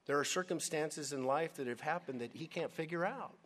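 A male preacher delivering a sermon with an animated, emphatic style. He speaks directly to his congregation and presses hard on his key points. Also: a little high, brisk. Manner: animated, emphatic, addresses audience as "gang".

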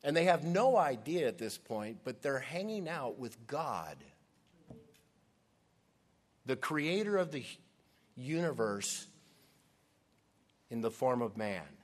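A man's voice: medium pitch, sing-song, slow pace, long pauses. A man preaching a sermon, earnest and conversational, acting out scenes as he retells them. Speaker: pastor.

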